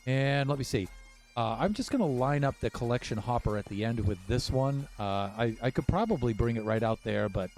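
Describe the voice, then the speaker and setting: A man's voice: mid-range voice, brisk, a little mellow, soft background music. A man casually talking through his building as he streams a game, thinking aloud with many fillers. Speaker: Minecraft streamer.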